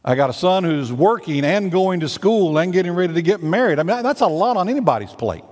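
A man's voice: sits high, big pitch swings, a little fast, darkish tone, big-room sound. A man, a senior pastor preaching a conversational sermon full of repeated phrases and rhetorical questions.

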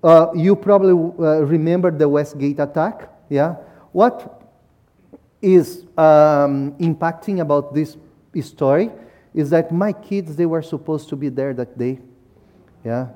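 A man's voice: fairly high pitch, unhurried, dark tone. A man from Brazil, giving a talk with slides at a church service and ending most sentences with "yeah?". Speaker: missionary speaker.

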